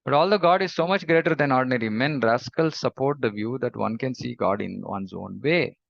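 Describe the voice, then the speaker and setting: A man delivers a scripture lecture as a spiritual teacher, speaking emphatically and repeating points for stress. His medium-pitched voice is brisk and gravelly, captured in a dull lo-fi recording.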